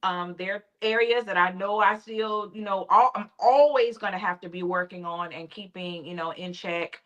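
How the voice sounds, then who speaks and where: A woman's voice: mid-range voice, normal speed, fairly bright tone, dull audio. A woman, a choir director guest, talking casually and encouragingly with preacherly emphasis. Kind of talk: casual conversational chat.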